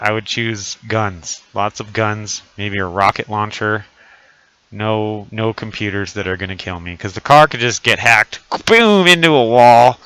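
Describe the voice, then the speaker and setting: A man in his thirties jokes crudely and profanely with viewers on a casual live stream while wearing a costume mask. His lowish voice is pushed, bright, clear and resonant, with no room sound, and the desk mic catches it only slightly muffled by the mask.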